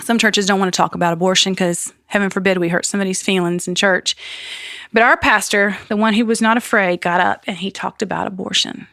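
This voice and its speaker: A woman giving a personal faith testimony as a podcast guest. She tells it as an earnest, animated story with some self-deprecating humor. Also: medium pitch, brisk, gravelly, no echo, studio quality.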